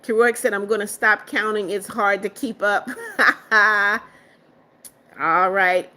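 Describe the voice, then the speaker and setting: Bright-voiced woman reading live chat. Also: medium pitch, steady tone, normal speed. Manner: reads viewer comments aloud, firm with trolls. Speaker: livestream host. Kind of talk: casual live stream chat reading comments.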